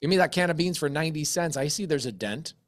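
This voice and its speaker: A man's voice: fairly high pitch, animated, fast. A man who is a real estate investor, telling a story in casual talk, acting out both sides of a conversation with blunt, profane energy.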